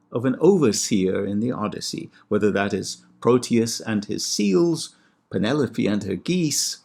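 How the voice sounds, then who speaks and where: A man, a classics scholar, giving a measured and precise lecture on ancient poetry with a lightly wry touch. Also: medium pitch, gravelly. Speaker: classics scholar and podcast host. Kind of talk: scripted lecture with recited Greek verse.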